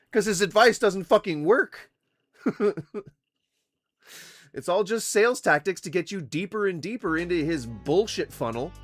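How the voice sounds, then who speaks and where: A man's voice: on the high side, a bit bright. Profane, ranting male streamer. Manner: ranting, swears often, laughs a lot. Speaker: streamer reacting to videos. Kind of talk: casual profane commentary.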